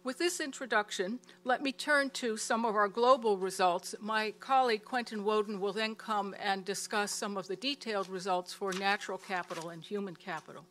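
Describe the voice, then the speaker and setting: Woman, mid-range voice, report presenter, steady and measured. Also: medium pitch, a little hiss or hum. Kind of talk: prepared presentation.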